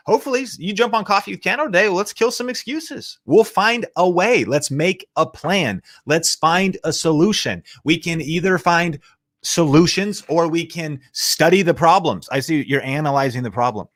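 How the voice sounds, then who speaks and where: A man's voice: fairly high pitch, fairly bright tone. Fired-up man hosting a motivational show. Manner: punchy, fired-up, slangy. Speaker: show host. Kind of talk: motivational livestream talk.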